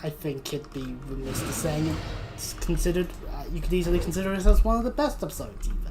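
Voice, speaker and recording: Deep-voiced woman streaming a game, rambly jokey commentary, little keyboard clatter under it. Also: lively intonation, fast, background noise. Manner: rambling, joking asides to self. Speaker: livestreamer. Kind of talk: casual gameplay commentary.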